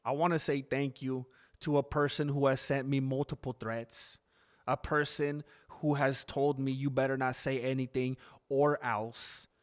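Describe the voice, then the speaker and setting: A man in a mid-range voice hosts a live stream in a loose, casual way. He is excitable and jokey, makes quick asides about what he sees, and turns often to thank and tease his viewers. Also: mid-range voice. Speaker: live-stream host reacting to a fight broadcast.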